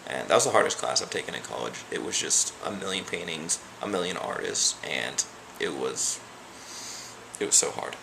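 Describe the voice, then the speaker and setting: A man's voice: a bass voice, animated, normal speed, creaky, noisy background. A young man vlogging about his college life in a casual, rambling way, full of "like" and "um". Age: young adult. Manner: rambling, loose, peppered with "like" and "um". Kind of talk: casual vlog chat.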